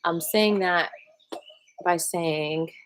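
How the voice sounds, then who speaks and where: Slow, low-voiced rambling woman teacher. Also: slight background noise. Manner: rambling, relaxed, full of fillers. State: tired from staying up all night. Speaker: qigong teacher. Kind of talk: casual meditation talk. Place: outdoors among trees. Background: birds and rustling trees.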